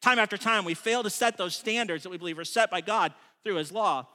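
A man preaching a sermon in a relaxed, conversational way, stressing key points and often restarting his phrases. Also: sits high, fairly quick. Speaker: pastor. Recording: long reverb of a large room.

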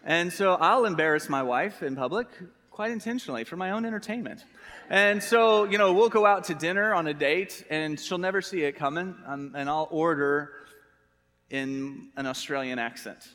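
A man's voice: fairly high pitch, normal speed, pushed and bright, big-room sound. An American man preaching a sermon, chatty and humorous, asking the congregation questions. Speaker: pastor.

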